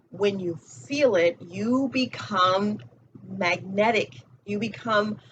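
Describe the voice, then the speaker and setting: A woman's voice: medium pitch, fairly bright tone, muffled recording, a little hiss or hum. A woman giving a casual motivational talk as a spiritual coach, blunt and profane, repeating her key phrases.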